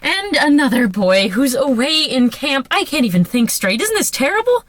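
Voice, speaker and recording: A woman rehearsing the part of a nervous married woman who talks in a rushed, breathless way, in the front seat of a car. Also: high-pitched, very animated, fairly bright tone. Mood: flustered. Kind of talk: solo line rehearsal.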